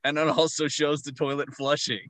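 A man co-hosting a casual film discussion, relaxed and chatty, laughing often as he talks. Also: on the high side, normal speed, no echo. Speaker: podcast co-host.

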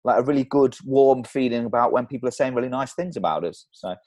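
A man's voice: mid-range voice, fast talker, a little mellow, dry recording. Laughing rambling male podcast co-host. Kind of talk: casual chat.

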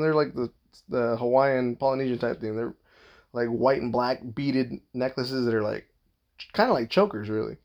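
A man's voice: medium pitch, a little mellow, muffled recording. A young man casually telling a long personal story, rambling, joking and swearing freely. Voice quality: gravelly.

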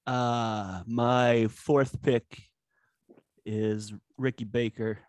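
A man speaking as a guest on a casual podcast, relaxed and hesitant, with frequent fillers and swearing. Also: medium pitch, extremely slow, no room sound, studio quality.

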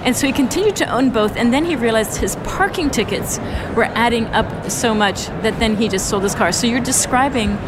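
Earnest woman talking over loud traffic. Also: a little high. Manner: earnest, storytelling, restarts phrases. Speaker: interview guest, urban mobility advocate. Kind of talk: conversational interview. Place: outdoors on a city street. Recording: loud traffic noise outdoors.

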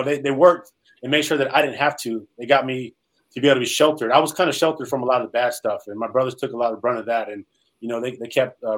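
A man's voice: mid-range voice, low-quality recording. A man from California, a former pro football player, telling his life story in an interview, earnest and rambling with many fillers. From Salinas, California.

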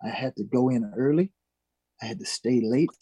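A man's voice: medium pitch, normal speed, slightly rough, no room sound. A man from Minnesota, a guest musician, telling a story in an interview and acting out the voices of the people in it. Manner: animated, acts out quoted voices.

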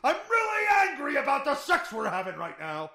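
A man's voice: extremely high pitch, huge pitch swings, normal speed, creaky, pushed and bright, echoey room, voice pushed up, full character voice. A man doing a growling, angry grunter.

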